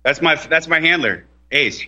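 A man's voice: fairly high pitch, expressive, normal speed, pushed and bright. A man calling in to a radio show, talking casually and mockingly in loose slang. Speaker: caller. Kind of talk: call-in radio talk.

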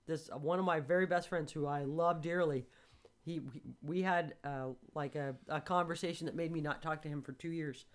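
A woman in her sixties hosting a casual chat, telling stories with animated, blunt delivery and acted-out dialogue. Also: sits low, a little fast. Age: 60s. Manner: animated storytelling, swears freely, acts out quoted dialogue.

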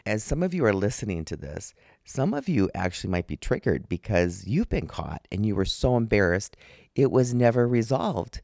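A man hosting a podcast, telling a story in a chatty way and breaking into high laughter. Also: very animated, normal speed, vocal fry, darkish tone, dry recording, clean studio sound. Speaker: podcast host. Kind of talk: casual storytelling monologue.

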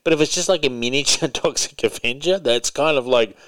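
A man's voice: medium pitch, a little fast, fairly bright tone. A man hosting a casual podcast chat, who laughs a lot and reads out news items with casual swearing. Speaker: podcast host.

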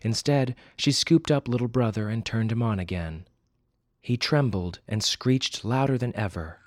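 A man hosting a podcast and reading a story aloud with expressive, wry delivery. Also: medium pitch, unhurried. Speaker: podcast host and narrator. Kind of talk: storybook narration.

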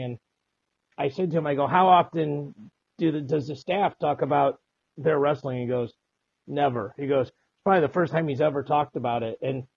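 A male sports reporter telling a quick anecdote in an interview, chatty with some stammering. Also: a little high, darkish tone, breathy edge, dry recording. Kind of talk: interview storytelling. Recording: dull lo-fi dry recording.

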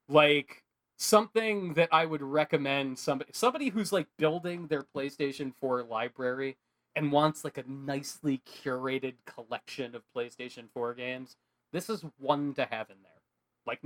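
Rambling, animated man chatting casually. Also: a little high. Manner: rambling, animated, heavy use of filler words. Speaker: podcast co-host. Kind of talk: casual chat.

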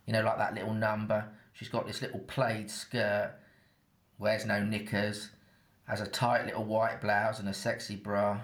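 A man from England with an Essex-tinged accent tells his story in a chatty, cheeky, matter-of-fact way. His voice sits on the low side, and the room around him sounds roomy and echoey. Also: completely flat delivery, unhurried. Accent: Essex-tinged English. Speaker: narrator. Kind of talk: first-person scripted storytelling.

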